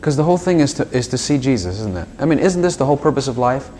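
Male preacher, mid-pitched, swoops up and down, chatty asides to the room, faint low rumble behind. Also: very fast. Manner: animated, talks directly to listeners with frequent asides and acted dialogues. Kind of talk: informal sermon to a small group.

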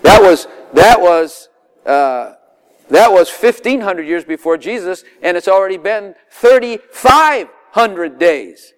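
A man preaches a sermon by telling stories, laughing along and acting out the voices of people he quotes in dramatic fashion. His voice is high-pitched and clean-toned, and he takes his time.

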